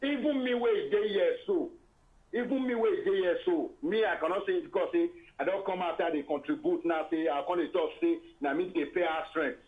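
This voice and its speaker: A man's voice: high-pitched, a little fast, phone-quality sound. A man with a Nigerian accent on a live video call, speaking in pidgin. He rants heatedly, makes accusations and repeats himself.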